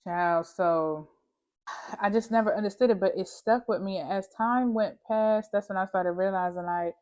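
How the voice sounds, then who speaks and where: Speaking at normal speed in a medium-pitched, darkish voice, a woman vlogger addresses her viewer directly. Her storytime about her own experience is casual, candid, full of slang, and emphatic.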